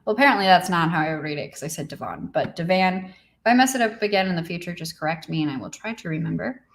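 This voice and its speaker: A young woman talks casually into her computer mic from her apartment, hosting a livestream. She is chatty and reads viewer comments aloud. Her energy is low and she sounds a little tired. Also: expressive, fast talker. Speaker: livestream host.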